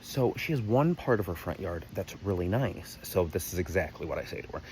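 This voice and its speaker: A man's voice: low-pitched, lively intonation, fairly quick, darkish tone, slight background noise. A young man rambling through a comedic personal story to camera, exaggerated and full of asides. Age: young adult.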